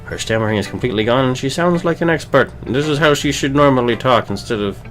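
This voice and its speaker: A man's voice: mid-range voice, expressive, quick pace, fairly bright tone, soft background music. A man hosting a game playthrough, reading the text aloud with playful, rambling, mock-indignant asides. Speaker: gaming channel host.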